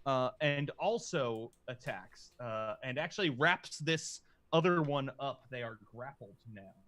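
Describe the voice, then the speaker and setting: A man narrating a tabletop game as game master, halting and full of filler sounds. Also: medium pitch, lively intonation, a bit bright, no room sound.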